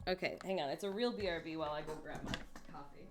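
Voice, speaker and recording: Fast and deep-voiced, this home livestream host talks against a noisy background. She chats casually with her viewers, greets them and answers their messages, and mutters to herself while working on screen.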